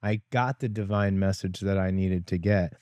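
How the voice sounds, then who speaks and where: A man's voice: low voice, steady tone, moderate pace, darkish tone, dry recording, studio quality. A man co-founder in casual conversation, talking in a rambling way with many "like" fillers. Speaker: wellness company co-founder.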